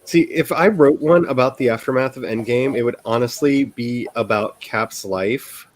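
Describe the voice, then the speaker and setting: A man chats casually while hosting a writing livestream. His voice sits in an ordinary middle pitch. He rambles and often laughs at himself. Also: normal speed, low-quality recording. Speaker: author hosting a writing sprint stream.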